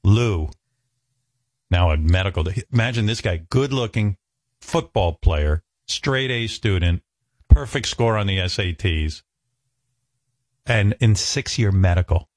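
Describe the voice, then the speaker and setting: A man's voice: lowish voice, expressive, unhurried, long pauses, dry recording. A man hosting a radio talk show, telling self-mocking comic stories and acting out other people's lines. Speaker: radio host. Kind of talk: comic storytelling chat.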